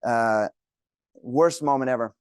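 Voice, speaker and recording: A man's voice: mid-range voice, takes it slowly, a little mellow, clear, resonant tone, no room sound, clean studio sound. A man teaching a real estate class, telling joking stories to the room. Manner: jokey, storytelling. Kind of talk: classroom talk.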